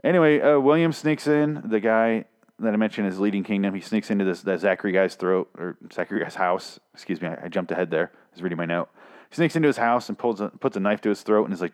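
A man's voice: on the low side, quick pace. A man recapping a comic in a casual, profane, sarcastic and rambling way. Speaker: podcast host recapping a comic.

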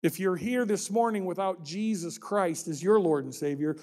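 A man's voice: high voice, moderate pace, darkish tone. A man preaching a sermon as pastor, telling a story and acting out the people in it. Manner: storytelling, acts out quoted voices with rising intensity.

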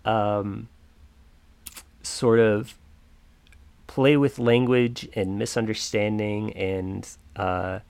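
Young man, low voice, gravelly, reflective personal storytelling, halting with fillers, dry close sound. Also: steady tone, darkish tone, no room sound. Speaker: podcaster.

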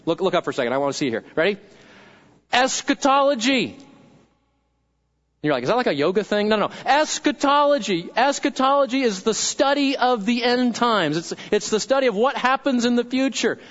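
A man's voice: very high voice, expressive, fast talker, few pauses, fairly bright tone, lo-fi sound. A pastor preaching a sermon, talking in a conversational way and asking his congregation questions.

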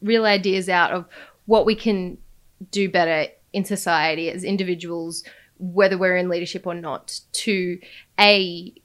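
A woman hosting a conversational interview, affirming her guest with frequent agreement and light laughter. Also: lowish voice. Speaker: host.

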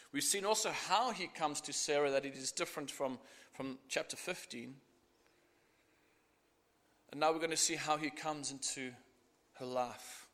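A middle-aged man preaching a sermon, earnest and expressive, acting out the scripture as he goes. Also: on the high side. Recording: echoey hall.

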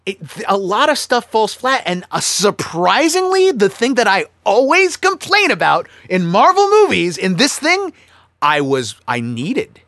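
A man co-hosting a casual film-review chat, talking animatedly with quick restarts and acting out characters' lines. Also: high-pitched, wildly swooping pitch, bright, forceful tone, no room sound, studio quality. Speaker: podcast co-host.

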